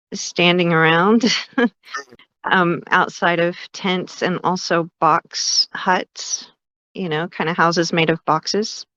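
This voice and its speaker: A woman's voice: fairly low pitch, fairly bright tone, dry recording, highs cut off. A woman calling in to a show, telling a creepy story in a chatty way, laughing now and then. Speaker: caller.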